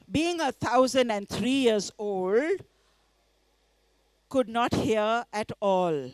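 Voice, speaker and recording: A woman from India, reading her story aloud in a festival tent, lively and coaxing the audience to join in. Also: a little high, no room sound. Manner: lively, coaxes the audience to join in, laughs often.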